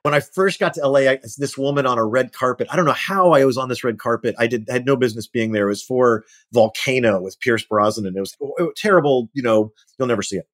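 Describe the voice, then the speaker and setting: A man's voice: medium pitch, quick pace, hardly any pauses. Guy telling a funny story on a podcast, acts out the quotes, swears a lot, mocks himself. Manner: animated storyteller acting out quoted voices; profane, self-mocking. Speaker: guest actor. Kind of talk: casual anecdote telling.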